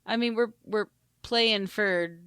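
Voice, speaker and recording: Slow, bright woman guest riffing jokes. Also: mid-range voice, clear, resonant tone, no room sound, clean studio sound. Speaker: podcast guest. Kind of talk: casual podcast chat.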